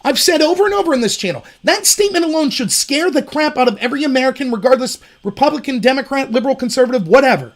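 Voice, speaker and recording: A man hosting a political commentary show, talking in an animated and sarcastic way. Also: extremely high pitch, fast talker, few pauses. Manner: animated, sarcastic, mimics opponents mockingly. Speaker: host.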